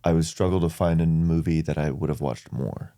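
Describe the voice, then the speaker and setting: A man's voice: very deep voice, fairly even intonation, brisk, mellow. A man chatting casually as a podcast guest, giggling at himself and trailing off into restarts. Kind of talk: casual chat.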